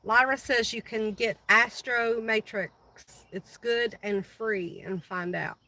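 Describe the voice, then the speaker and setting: A woman's voice: on the high side, steady tone, slow, pushed and bright, poor audio. A middle-aged woman hosting a casual livestream, chatting with viewers and answering their comments by name. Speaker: livestream host.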